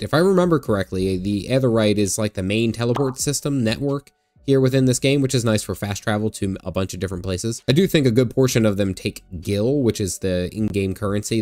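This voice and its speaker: A man's voice: on the low side, a little mellow, dry recording. A man giving a joking, wisecracking voice-over commentary on a game he is playing, recorded close on a studio mic. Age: young adult to middle-aged. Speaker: gaming YouTuber.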